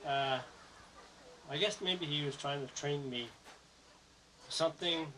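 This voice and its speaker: A man's voice: on the high side, slow, bright, forceful tone, slight background noise, rough recording. A middle-aged man giving a rambling, joking speech at a family gathering, often correcting himself as he goes. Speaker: son giving a presentation. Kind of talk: informal family speech with jokes.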